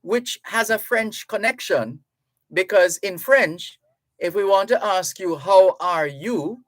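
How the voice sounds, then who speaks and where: A man's voice: high voice, animated, no echo. A man from Jamaica hosting a radio talk show in a studio, chatting to listeners and reading out their messages. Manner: slow, chatty, reads listener messages aloud. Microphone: studio microphone.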